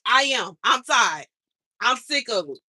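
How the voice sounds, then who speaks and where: Fed-up woman vlogger ranting to camera; bright tone, repeats lines for emphasis. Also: a little high, lively intonation, measured pace, husky, dry recording. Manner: exasperated, repeats herself for emphasis. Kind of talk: angry venting monologue. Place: outside her mother's house.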